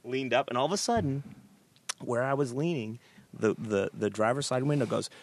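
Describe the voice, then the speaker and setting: A man's voice: mid-range voice, moderate pace. A middle-aged man, a guest musician, telling stories in a podcast interview and acting out the people he quotes. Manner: animated storyteller acting out quoted voices.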